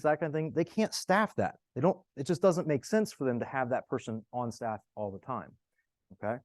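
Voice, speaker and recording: A man giving a conference talk, telling stories in a conversational, animated way and checking in with the audience with "right?" and "okay?". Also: on the high side, no room sound, studio quality. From United States. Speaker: conference presenter.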